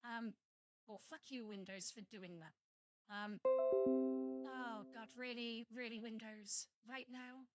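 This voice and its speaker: Chatty British woman streamer, higher voice. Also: fairly even intonation, takes it slowly, pauses often, loud music behind the voice. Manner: rambling and chatty, swears freely at her computer. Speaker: VTuber streamer. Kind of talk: casual live-stream chat.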